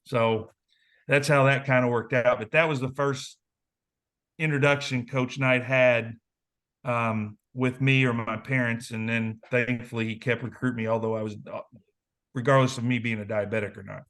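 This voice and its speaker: A man in his forties from southern Indiana spins stories from his playing days in a relaxed interview. He talks casually, in a mid-range voice. He acts out the people he quotes. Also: medium pitch, normal speed. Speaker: interview guest, former basketball player. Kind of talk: casual storytelling.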